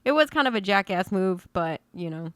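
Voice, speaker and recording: A woman's voice: medium pitch, lively intonation, brisk, clear, resonant tone, no echo. Blunt, opinionated woman co-host. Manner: blunt, opinionated, swears freely. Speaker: podcast co-host. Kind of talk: casual chat.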